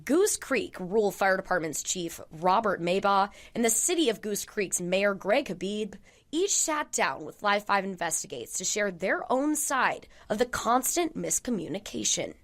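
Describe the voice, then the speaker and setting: A woman reporter narrating a news investigation in a measured, formal delivery. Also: medium pitch, very animated. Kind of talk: scripted news narration and interview questions.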